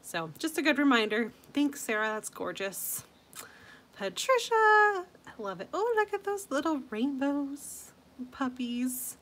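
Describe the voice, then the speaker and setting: A woman hosting a scrapbooking channel, chatting casually and gushing over viewers' layouts, with frequent soft asides. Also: sits high, very animated, a little slow.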